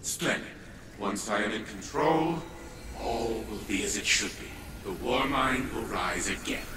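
A man's voice: lowish voice, lively intonation, a little slow, over a noisy crowd. An actor playing a condescending elderly scientist who is the heroine's grandfather, speaking in a haughty, sneering game voice. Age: older. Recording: echoey hall reverb with noise.

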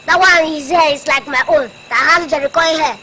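An actor with a Nigerian English accent playing a cheeky, dreamy grown son who stammers, boasts and wheedles in a comedy film. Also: male voice, very high-pitched, brisk, sharp tone, slight background noise, full character voice, low-quality recording. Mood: boastful dreaming. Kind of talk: comic film acting. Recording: film audio with soundtrack music. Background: music.

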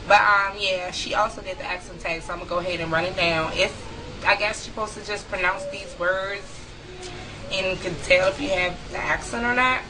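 A young woman, vlogging casually from home, chatty and quick to laugh. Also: on the low side, background noise. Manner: chatty, laughs easily, talks to viewers. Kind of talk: casual vlog, reading a word list aloud. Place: room at home.

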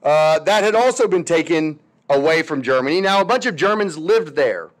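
A man's voice: fairly high pitch, animated, normal speed. A male history teacher giving a casual, chatty lecture with jokey, sarcastic asides.

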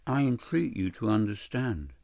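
Male narrator reading an earnest married man, low hasty voice, gravelly, dry close sound. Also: very animated, moderate pace, a little mellow, dry recording. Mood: urgent. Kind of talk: audiobook character reading.

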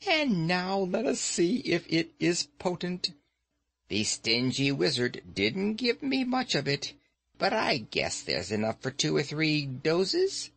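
A man voicing a gleeful, spiteful old witch woman who screeches in high, leaping tones. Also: sing-song, slow pace, creaky, a bit bright, exaggerated voice. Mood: gloating. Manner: shrill and screeching, high jumps.

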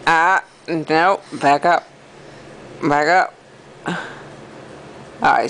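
A woman's voice: low voice, drawn-out words, pauses often, noisy background. A mother cooing playful, sing-song baby talk to her baby, recorded at home on a phone camera.

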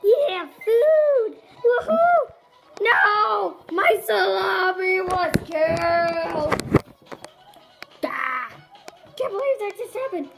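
Performer doing a squeaky, shrieking cartoonish turtle creature, slow-spoken and giddy, game-commentary host. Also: lively intonation, gravelly, exaggerated voice, poor audio. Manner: giddy, silly, easily startled. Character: excitable, squeaky little turtle creature gaming. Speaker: channel host. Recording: game music loud behind voice.

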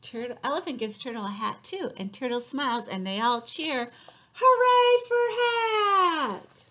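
A woman librarian leading a children's story time, reading aloud with sing-song rhymes, loud cheers and whispered asides. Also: on the high side, lively intonation, a little fast.

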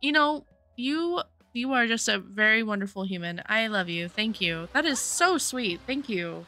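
Streaming a life-sim game, a woman chats casually into a desktop USB microphone while soft background music plays. Her voice is on the high side, animated, pushed and bright at a normal speed, and she gushes with thanks to her chat.

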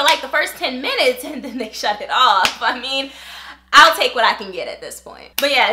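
A woman's voice: high voice, echoey room. A woman vlogger in casual chat, reading a viewer's email aloud and talking straight to her viewers. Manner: chatty and animated, talks straight to viewers.

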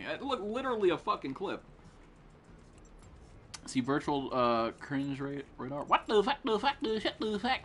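A young man streaming a shooter game, cursing and trash-talking with friends in excited, loud outbursts. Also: on the high side, slight background noise. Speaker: gaming streamer. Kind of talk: live gameplay commentary with friends.

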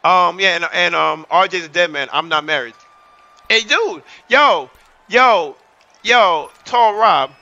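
A man in his thirties hosts a casual livestream with excitable, repetitive chatter, hyping up his viewers. His voice sits high and sounds tense and sharp. The stream audio is dull and muffled. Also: slow pace, creaky. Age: 30s. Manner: excitable, repetitive, hypes up the chat. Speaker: livestream host.

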